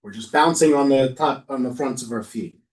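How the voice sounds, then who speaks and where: A man's voice: mid-range voice, a little fast, a little mellow. A man leading an informal class for lay leaders, explaining prayer customs in a conversational way and stopping to chant lines as examples. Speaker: rabbi teaching lay leaders. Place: synagogue classroom.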